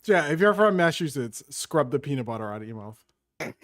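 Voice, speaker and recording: A wisecracking man, co-hosting a loose gaming podcast. His slightly high voice swings widely in pitch and sounds close and dry. He trades short deadpan jokes. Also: brisk, no room sound. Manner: joking, deadpan quips. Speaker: podcast co-host. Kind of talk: casual chat.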